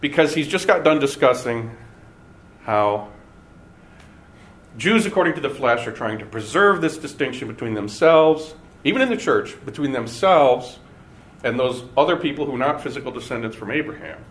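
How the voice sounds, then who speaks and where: Deliberate male Bible study teacher. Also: mid-range voice, expressive, a bit bright. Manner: deliberate, stresses key words with pauses.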